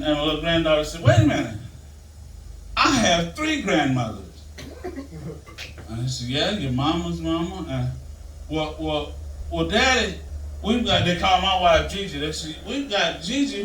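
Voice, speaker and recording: An older man telling stand-up stories with a high-pitched, loose, rambling delivery. His voice carries through a roomy, echoing space. The mic sits some distance from him. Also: fairly bright tone, a little hiss or hum. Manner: loose, storytelling, Southern-flavored delivery. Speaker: stand-up comedian. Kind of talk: stand-up comedy set. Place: comedy stage before a live audience. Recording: echoey room, mic heard from a distance.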